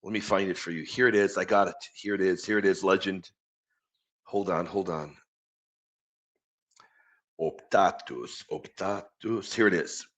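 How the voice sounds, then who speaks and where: A man's voice: low voice, fairly even intonation, a little slow, pauses often, fairly bright tone. A man hosting a live stream, chatting casually and enthusiastically with viewers and reading quotes aloud.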